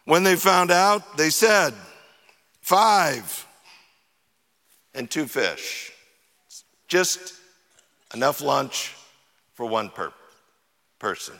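A man's voice: fairly high pitch, animated, drawn-out words, pauses often, bright, forceful tone. A man preaching a sermon as pastor, talking conversationally and acting out the disciples' sarcastic replies. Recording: echoey hall with long reverb.

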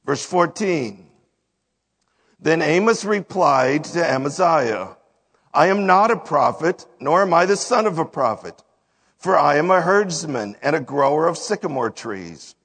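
A man's voice: a little high, expressive, a little slow, fairly bright tone, husky. A man giving a sermon, reading verses aloud and then explaining them in plain words. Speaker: preacher. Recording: long hall reverb.

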